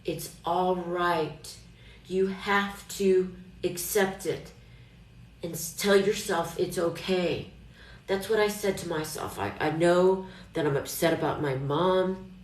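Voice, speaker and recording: A woman's voice: on the low side, fairly even intonation, slow pace. A middle-aged woman chatting casually on a live stream, rambling and reassuring herself as she talks. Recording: echoey room.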